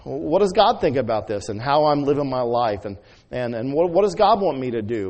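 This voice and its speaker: A man's voice: a little high, sing-song, brisk, a little mellow. A male preacher giving a conversational sermon, reading scripture with emphasis and using fillers.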